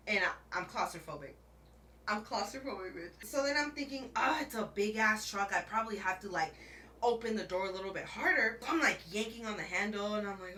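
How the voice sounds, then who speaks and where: Bright-voiced woman telling a dramatic story. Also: on the high side, lively intonation, brisk, echoey room, distant mic. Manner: dramatic, laughing, addresses viewer as bestie. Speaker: storytime vlogger. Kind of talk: casual storytime chat.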